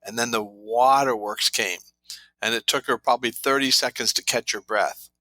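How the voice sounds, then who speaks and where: A man's voice: medium pitch, fairly even intonation, normal speed, bright, forceful tone, dry recording, low-quality recording. A man guest on an interview show, an author who tells anecdotes full of quoted dialogue. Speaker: guest, trauma therapy author. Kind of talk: storytelling interview talk.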